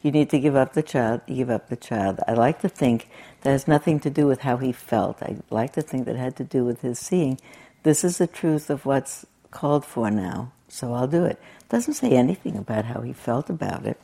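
Low gravelly older woman teaching. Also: expressive, normal speed, dark tone. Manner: conversational and reflective, with laughing asides. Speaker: meditation teacher. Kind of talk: dharma talk.

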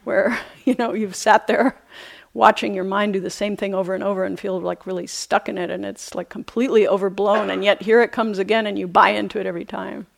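Gravelly-voiced woman giving a dharma talk. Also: mid-range voice, fairly even intonation. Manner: reflective, unhurried, with soft hesitations; light self-amused laughter. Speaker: meditation teacher. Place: retreat center meditation hall.

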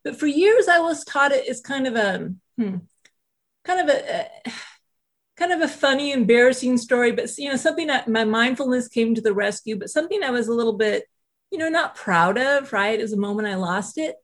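Husky, higher-pitched woman telling stories. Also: brisk. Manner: animated, acts out quoted voices, frequent "you know" asides. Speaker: author and self-compassion teacher, interview guest. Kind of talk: storytelling in a conversational interview.

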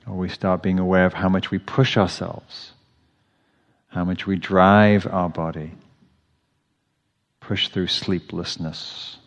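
Low-voiced man giving a gentle dharma talk. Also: flat delivery, slow, pauses often. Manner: gentle, reflective, with frequent restarts. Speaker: meditation teacher. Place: meditation hall. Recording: dull audio with long hall reverb.

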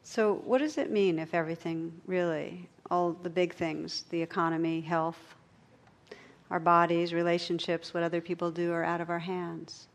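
A middle-aged woman giving a meditation talk, telling stories and jokes with gentle pauses. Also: lowish voice, fairly even intonation. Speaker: meditation teacher. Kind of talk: dharma talk.

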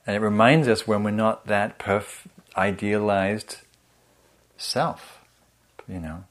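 A man's voice: on the low side, steady tone, slow pace. A man giving a meditation teaching in a humorous, conversational, self-deprecating way. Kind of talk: dharma talk.

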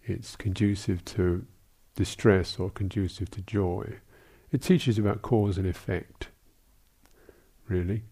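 In this dharma talk, a monk responds to questions in a gravelly, somewhat low voice that stays dark, mellow and steady. He pauses and restarts phrases as he thinks, adding brief asides along the way.

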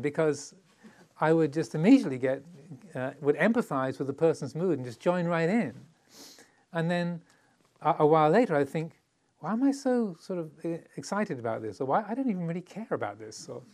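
A man's voice: on the high side, a little mellow. Meditation teacher, middle-aged Englishman, easygoing Dharma talk, playful, voices the quotes. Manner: conversational, playful, laughs often; acts out little quoted voices.

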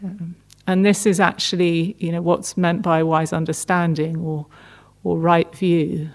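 A middle-aged woman gives a meditation talk in a gentle, unhurried way. Her voice sits a little low for a woman, and she often pauses and restarts mid-phrase. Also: level tone. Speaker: meditation teacher. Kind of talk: dharma talk.

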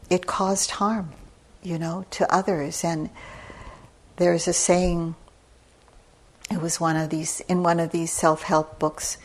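An older woman giving a gentle, reflective dharma talk as a meditation teacher at a retreat center. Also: on the low side.

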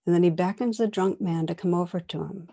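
A woman meditation teacher giving a dharma talk, telling a story in a gentle, reflective way. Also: lowish voice, fairly quick, creaky, husky. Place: meditation hall.

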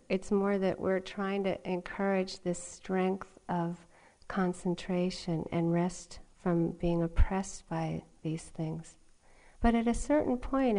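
A middle-aged woman teaching meditation in a dharma talk, her voice a touch low. She speaks gently, breaks into soft laughter and drifts into storytelling. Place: retreat meditation hall.

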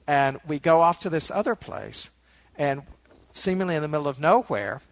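Gravelly man telling a teaching story. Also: on the high side, moderate pace. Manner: relaxed storyteller with asides to listeners. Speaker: meditation teacher. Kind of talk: dharma talk with personal storytelling.

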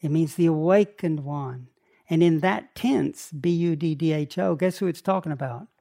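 An older man guiding a meditation retreat talk, speaking gently in short phrases with long pauses. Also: a little high, vocal fry. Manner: slow, gentle, pausing between short phrases. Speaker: meditation teacher.

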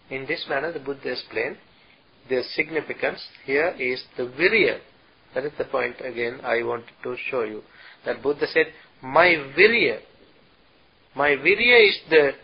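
A man, a Buddhist monk, giving a retreat dharma talk, speaking haltingly and breaking into chanted verses. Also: medium pitch, breathy edge, lo-fi sound. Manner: slow, halting delivery with chanted Pali and Sanskrit verses.

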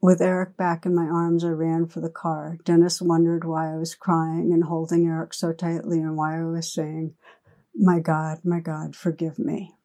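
Brief: meditation teacher, woman, warm dark tone, measured storyteller. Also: deep voice, monotone. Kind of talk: dharma talk with storytelling.

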